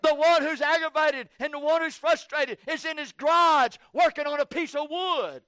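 At a moderate pace and with no echo, a man delivers an evening sermon built on repetitive call and response. His delivery moves between quiet, low lines and shouted climaxes.

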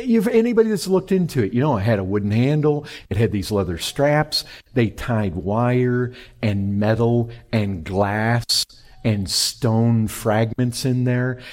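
A man preaching a sermon, animated, swinging between loud high emphasis and quiet low lines. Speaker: pastor.

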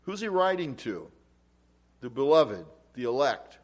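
A man's voice: on the high side, very animated, moderate pace. Emphatic preacher man teaching scripture. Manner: emphatic, rising loud on quoted scripture. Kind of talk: expository Bible teaching.

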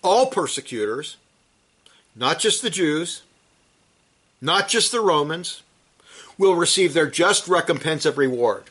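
A man delivering a sermon from scripture, his voice sitting a little higher than most men's. He preaches with emphasis, swelling to forceful peaks before sinking low and quiet again. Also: lively intonation, measured pace, pauses often, husky.

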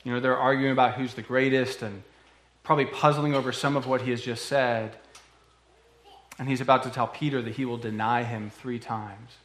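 A man preaching a sermon in an earnest, conversational way, often pausing with fillers. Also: medium pitch, fairly even intonation, fairly bright tone, roomy sound. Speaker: pastor.

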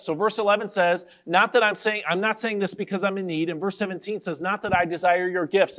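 High-voiced man preaching a Bible sermon. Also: a bit bright. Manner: careful, explanatory teaching with scripture quotes read slowly. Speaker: pastor. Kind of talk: expository sermon.

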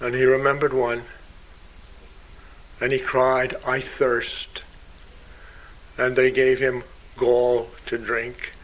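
A man's voice: completely flat delivery, takes it slowly, pauses often, poor audio. An older man preaching a fervent, emotional sermon, quoting scripture in old-fashioned wording. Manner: fervent, emotional preaching with wide swings in pitch and loudness.

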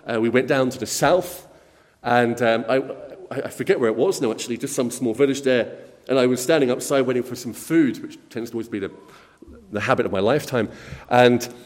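Man, preacher, earnest sermon, repeats words, church with long reverb. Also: on the high side. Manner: earnest, repeats words, addresses young people directly.

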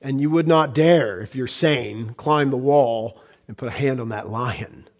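A man pastor preaching a sermon, emphatic, with rhetorical questions and repetition, swinging between hushed and loud. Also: medium pitch, unhurried.

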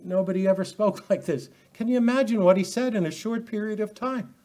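A man preaching an expository Bible sermon, animated and full of rhetorical questions. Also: sits high, fairly quick. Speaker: pastor.

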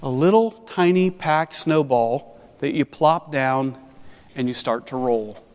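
A man preaching an expository sermon as pastor, animated and conversational with wry asides. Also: mid-range voice, slow pace, long reverb tail.

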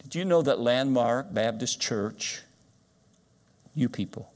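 An older man preaching a sermon, moving from quiet storytelling to loud, drawn-out emphasis. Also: medium pitch. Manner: dynamic preaching, swings loud and soft. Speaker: guest preacher.

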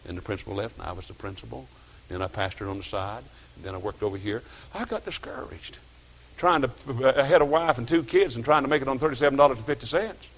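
An older man, preaching a sermon in a folksy storytelling way, dropping to quiet asides and rising to loud exhortation. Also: mid-range voice, fast talker. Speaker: pastor.

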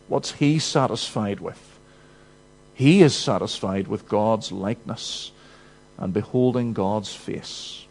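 Slow, earnest male preacher. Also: mid-range voice, poor audio. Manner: earnest, emphatic preaching with rising urgency and quiet drops. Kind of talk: sermon.

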